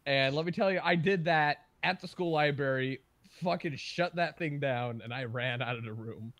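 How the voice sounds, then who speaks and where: A man's voice: a little high, moderate pace, hardly any pauses, no room sound. A young adult man hosting a livestream, chatting casually and telling profane stories with a lot of energy. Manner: excitable, profane storyteller. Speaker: livestream host. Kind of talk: casual chat.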